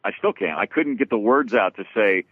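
Man, casual storytelling, halting restarts, swearing, tinny phone-like sound, dry. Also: fairly low pitch, animated, dry recording. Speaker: guest musician.

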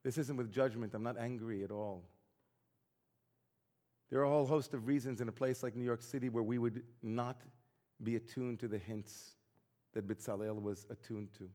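A man's voice: medium pitch, steady tone, normal speed, pauses often, mellow, in a large hall. A man who is a rabbi, delivering an earnest, reflective sermon full of searching questions.

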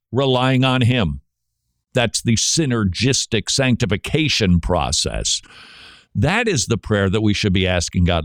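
Man, christian radio host, emphatic, lively pitch, dry studio sound. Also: no room sound. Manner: emphatic, rhetorical questions answered himself.

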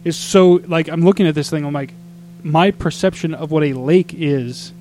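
A faint hum underlies this relaxed podcast chat, where a man from Arizona recounts a meandering travel story at normal speed. His voice is fairly high and slightly raised, and he turns animated and exasperated, launching into mock quotes of other people.

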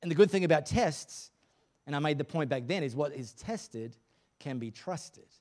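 A man's voice: a little high, expressive, normal speed, a little mellow. A male pastor preaching a sermon at a church service in a casual, joking, conversational way.

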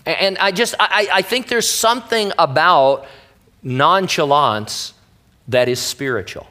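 A man's voice: fairly high pitch, expressive, measured pace, pushed and bright. A man preaching as a pastor, teaching through a Bible passage in a casual, wry way with playful asides.

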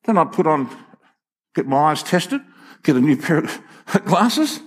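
Older male pastor; animated, humorous preaching with emphatic peaks. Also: on the high side, a little slow, long pauses, husky. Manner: animated, rising to emphatic peaks, joking with the congregation. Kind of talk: sermon. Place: church hall with congregation.

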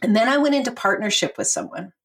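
A middle-aged woman telling her life story as a podcast guest, animated and laughing often as she acts out what she and others said. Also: fairly high pitch, fast talker. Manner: animated, laughs often, quotes herself in voices.

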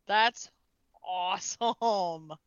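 A woman hosting a podcast over a video call, relaxed and dryly amused. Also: mid-range voice, extremely slow, clean tone, no room sound. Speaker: podcast host. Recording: dry, dull lo-fi call audio.

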